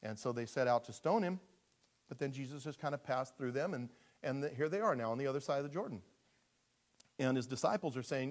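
A man preaching a sermon in a conversational, humorous style, animated and quick to laugh at himself. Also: medium pitch.

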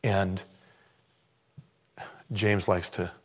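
A man in his sixties, a pastor giving an informal sermon, who swings between loud exclamations and hushed tones. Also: deep voice, flat delivery, extremely slow. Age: 60s.

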